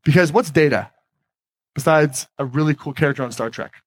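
An energetic man in a fairly high register delivers a motivational talk from a stage, often turning to his audience with questions. His voice comes through dry and close, with little room sound. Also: brisk, no room sound. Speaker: podcast host giving a talk on stage. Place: stage before a live audience.

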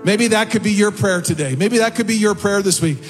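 A man preaching a sermon as a pastor, impassioned and rising in pitch on prayers and quotes, with faint music behind. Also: fairly quick. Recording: long hall reverb with faint music behind. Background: soft music.

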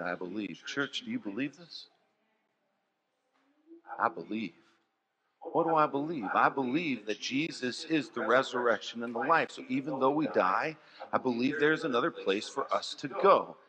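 A pastor preaching a sermon, telling stories in an animated way and swinging from soft, low passages to loud ones. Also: male voice, moderate pace, pauses often. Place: church. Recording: long church reverb.

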